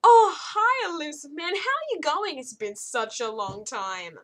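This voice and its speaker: A woman's voice: high-pitched, expressive, a little slow, a bit bright, pitched above the performer's own voice. A young woman putting on a squealing, overly sweet voice to mock a gushing, fake-friendly alien woman.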